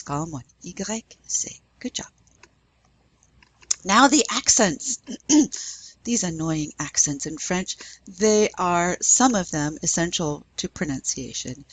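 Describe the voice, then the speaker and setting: A woman professor works through a French lesson, spelling out letters and guiding pronunciation with patience. Her voice sits a little low, and she speaks at an unhurried, deliberate pace. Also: slightly rough. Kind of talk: language lesson.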